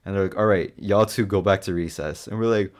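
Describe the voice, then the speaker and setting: A young man co-hosting a casual podcast, telling school stories with lots of swearing and animated quoting. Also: low voice, fairly quick. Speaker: podcast co-host. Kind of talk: casual chat.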